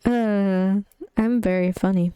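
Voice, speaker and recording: A woman's voice: medium pitch, fairly even intonation, takes it slowly, warm tone, smooth, no echo, lo-fi sound. A woman streamer chatting casually between game lines, with jokey, giggly asides. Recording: game music playing behind.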